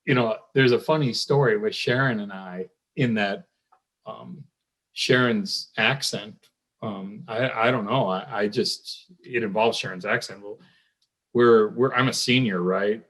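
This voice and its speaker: A man's voice: lowish voice, a little slow, fairly bright tone. A man in his fifties, an alumni guest, casually reminiscing and telling a rambling story full of ums and restarts.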